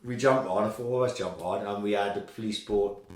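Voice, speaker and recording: A Welsh man telling a sweary, lively anecdote on a casual podcast. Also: lowish voice, fairly quick. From Wales. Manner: animated, sweary anecdotes with quoted voices. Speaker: podcast co-host. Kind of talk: casual storytelling chat. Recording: roomy, echoey room.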